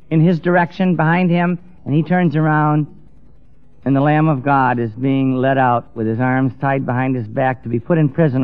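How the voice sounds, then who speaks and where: A man's voice: mid-range voice, no echo. A man preaching a storytelling sermon in a dramatic manner, acting out the characters. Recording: dull dry lo-fi recording, faint music.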